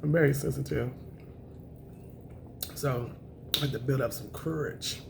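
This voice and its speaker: A woman, chatting to camera on her eating show, emotional and thankful, with a voice that is raspy at times. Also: a bass voice, steady tone, measured pace, noisy background. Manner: emotional, thankful, says y'all often. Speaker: mukbang vlogger.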